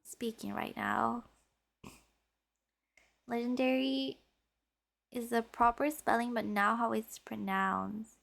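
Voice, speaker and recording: A woman's voice: a little high, steady tone, takes it slowly, creaky, pauses often, fairly bright tone. A young adult woman streaming a story game, chatting playfully and dramatically with her viewers. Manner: playful, dramatic, teasing with chat.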